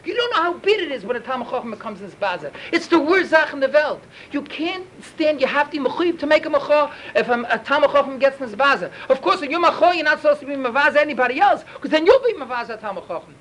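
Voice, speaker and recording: Fast, high-voiced man teaching Talmud. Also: slight background noise, poor audio. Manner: animated, rapid storytelling peppered with Yiddish and Hebrew terms. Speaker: Torah teacher. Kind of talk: Talmud lesson storytelling.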